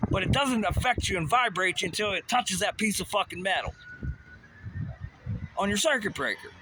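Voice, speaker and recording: Agitated, profane man ranting over noise. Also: high-pitched. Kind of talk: angry rant. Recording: noisy background.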